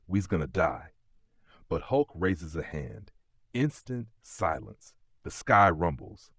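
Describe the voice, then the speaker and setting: Brief: a deep-voiced male narrator with dramatic storytelling delivery, dry recording. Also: no echo.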